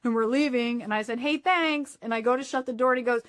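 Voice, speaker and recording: A woman's voice: a little high, fast, no room sound, studio quality. A woman telling a funny work story in a casual chat, laughing and quoting people.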